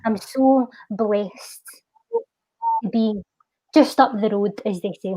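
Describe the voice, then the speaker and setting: A woman's voice: mid-range voice, dark tone, dry recording, poor audio. A woman with a Scottish accent performing a heartfelt spoken word poem and then chatting casually as a guest. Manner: lilting, heartfelt, slows down for the poem's refrain. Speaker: guest poet. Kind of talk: spoken word poetry recital and casual chat.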